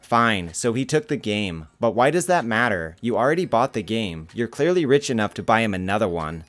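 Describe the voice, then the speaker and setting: A man's voice: very animated, normal speed, a bit bright, faint music behind. A man voicing a rude, defensive entitled mother who snaps at people, as part of a narrated story. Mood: dismissive. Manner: shrill, snapping and dismissive. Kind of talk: story narration with voiced characters.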